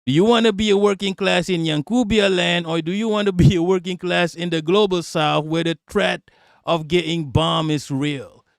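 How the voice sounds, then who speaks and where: Male streamer, loud mocking profane rant, fairly high voice, dead dry sound. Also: fairly even intonation, normal speed, gravelly, dry recording.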